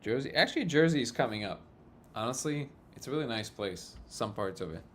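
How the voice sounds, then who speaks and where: A man's voice: medium pitch, animated, brisk, a bit bright, a little hiss or hum. A man hosting a casual livestream, reading viewer comments aloud and joking with a frequent chuckle. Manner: jokey, chuckles often between remarks. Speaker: livestream host.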